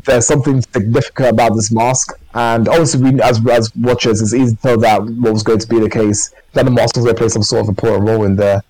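A man's voice: medium pitch, fairly even intonation, fast, few pauses, a little mellow, no room sound, poor audio. A man co-hosting a podcast, chatting casually and enthusiastically in a rambling way. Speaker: podcast co-host. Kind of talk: casual chat.

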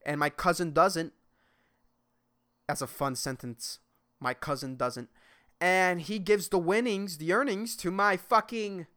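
Animated, profane podcaster. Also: male voice, sits high. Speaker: podcast host. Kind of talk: solo rambling podcast monologue.

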